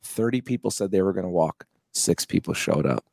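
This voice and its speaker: Gravelly deep-voiced man in his fifties. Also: brisk, no echo. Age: 50s. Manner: animated, acts out quoted voices, laughs often. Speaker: guest, charity co-founder. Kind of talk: casual interview storytelling.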